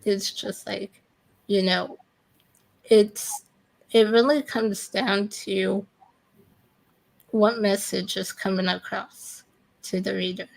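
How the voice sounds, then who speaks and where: A woman's voice: mid-range voice, fairly even intonation, slow pace, creaky, long pauses, low-quality recording. A woman hosting an interview, rambling with many fillers as she responds to her guest. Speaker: interview host. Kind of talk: casual interview talk.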